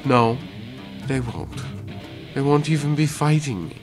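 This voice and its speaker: A man voicing a sly young vampire villain who is the hero's uncle, talking in a silky, calm, gloating way. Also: medium pitch, measured pace, music in the background, pitched above the performer's own voice, close to an everyday voice.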